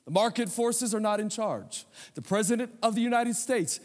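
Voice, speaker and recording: A man's voice: sits high, moderate pace, in a large hall. A man preaching a sermon as pastor, telling a humorous story with conversational asides.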